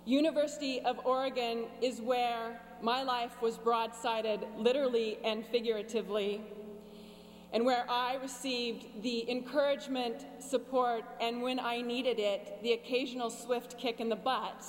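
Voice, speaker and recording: A woman in her forties stands at a podium giving a commencement address, her voice pitched a little high. She talks with wry, deadpan humor and sarcastic asides. The sound carries a long reverb from a big ceremony space, with a faint hum beneath it. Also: unhurried. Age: 40s. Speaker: commencement speaker. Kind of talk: commencement speech. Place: large graduation ceremony venue.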